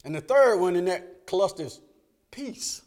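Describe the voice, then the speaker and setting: A man preaching a folksy, animated sermon. He laughs often and swings between loud and hushed. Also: sits high, a little slow.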